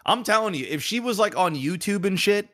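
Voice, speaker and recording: A man's voice: sits high, animated, fairly quick, sharp tone. A man hosting a podcast, reading an ad and chatting in a loose, crude, rambling way. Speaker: podcast host. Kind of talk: casual chat and sponsor read.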